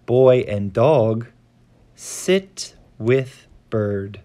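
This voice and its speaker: A man reading a simple children's story aloud for English learners, in a clear and expressive way. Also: medium pitch, extremely slow, pauses often. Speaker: host of an English learning channel.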